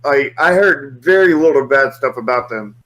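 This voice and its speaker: A man's voice: mid-range voice, expressive, normal speed, fairly bright tone, low-quality recording. A man in casual podcast chat, opinionated and explaining his view at length with many "you know"s.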